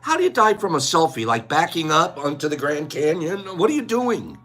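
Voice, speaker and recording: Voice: mid-range voice, very animated, normal speed, a bit bright, faint music behind. A livestream host in casual chat, playful and teasing, calling out chatters by name.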